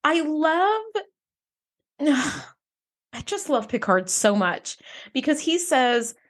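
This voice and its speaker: A woman's voice: high-pitched, sing-song, extremely slow. A woman co-hosting a podcast in casual chat, enthusiastically acting out characters' lines as she recaps. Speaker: podcast co-host.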